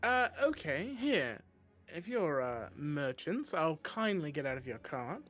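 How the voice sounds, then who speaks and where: A man's voice: a little high, very animated, unhurried, fairly bright tone, soft background music. A man playing a pushy traveler who is trying to talk his way into a trade to find his friend. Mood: persuasive. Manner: smooth-talking, wheedling trader.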